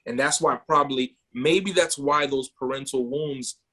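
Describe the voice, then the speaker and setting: A man co-hosting a podcast, telling a personal story in an animated way and often repeating words. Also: medium pitch, measured pace. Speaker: podcast co-host.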